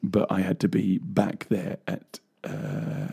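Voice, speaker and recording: A man's voice: deep voice, sing-song, slow, gravelly, dark tone, husky. A man co-hosting a casual music talk show, rambling with plenty of fillers and frequent laughs. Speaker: co-host, bass player. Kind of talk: casual chat. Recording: radio show studio mic.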